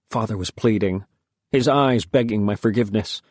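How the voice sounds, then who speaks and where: A man narrating a first-person audiobook in a measured, expressive storytelling manner. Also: lowish voice, dry recording.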